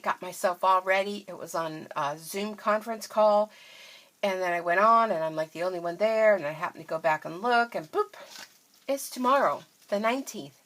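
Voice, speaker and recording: A woman, a craft vlogger, chatting casually through an unboxing, gushing and easily excited, tired and yawning now and then. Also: mid-range voice, normal speed.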